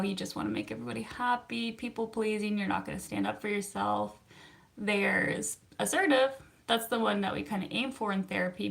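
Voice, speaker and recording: Chatty woman with a gravelly edge. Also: mid-range voice, fairly bright tone. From Canada. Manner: chatty and upbeat, laughs often, self-teasing. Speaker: therapist. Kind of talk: casual livestream chat, answering viewer comments.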